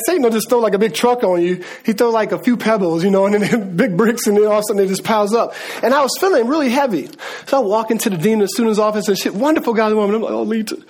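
A male pastor preaches a sermon in an animated, conversational way. He swings from relaxed storytelling to sudden emphatic calls. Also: high-pitched.

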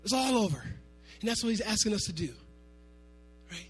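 High-voiced animated preacher man. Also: brisk, husky, soft background music. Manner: animated, swinging from soft asides to shouting. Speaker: pastor. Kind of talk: sermon.

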